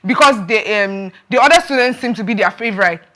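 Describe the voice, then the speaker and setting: A woman co-hosting a relaxed talk show, with a bright, ringing tone and a voice sitting a little high. She tells her stories animatedly and acts out the quotes. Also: quick pace. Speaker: show co-host. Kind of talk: casual panel chat.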